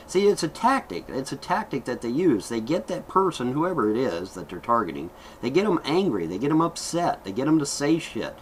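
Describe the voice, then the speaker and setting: A man's voice: mid-range voice, big pitch swings, a little fast, hardly any pauses, a little hiss or hum, low-quality recording. A middle-aged man vlogging an aggrieved, heated rant, swearing and repeating himself as he airs his complaints. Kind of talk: angry vlog rant.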